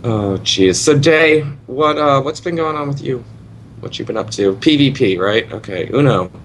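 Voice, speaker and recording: A man's voice: medium pitch, animated, normal speed, a bit bright, slight background noise. A man hosting a podcast in casual chat, easygoing and laughing a lot.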